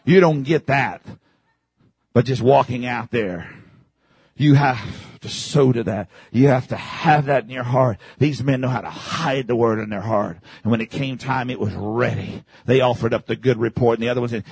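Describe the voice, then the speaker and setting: A man preaching a sermon as pastor, swinging from shouted passages to hushed, low delivery. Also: normal speed, gravelly, husky, dry recording.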